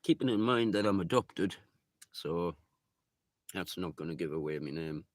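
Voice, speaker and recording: Chatting with his audience and reading their messages, a low-pitched man rambles and swears freely. His intonation is lively and his pace moderate, recorded dry.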